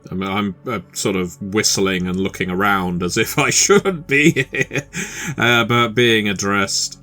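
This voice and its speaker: A man's voice: fairly low pitch, measured pace, sharp tone. A man playing a tabletop role-playing game, speaking in a hesitant, thoughtful way, with music behind. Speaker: player. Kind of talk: tabletop role-play, in and out of character.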